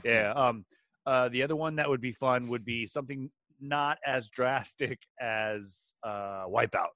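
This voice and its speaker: A man's voice: mid-range voice, a little slow, pushed and bright, no room sound. A man co-hosting a casual chat, rambling with restarts and hesitations. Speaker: podcast co-host.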